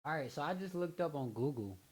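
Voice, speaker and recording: The voice is a man's, low-key and amused, murmuring his reactions to a clip as if half to himself. He talks in an easy, casual way. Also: animated, brisk, noisy background. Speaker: reaction video host. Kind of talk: casual commentary over a clip.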